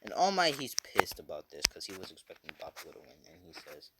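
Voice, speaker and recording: A man's voice: deep voice, wildly swooping pitch, fast talker, very noisy. A man casually retelling a fan story, rambling with many fillers and swearing.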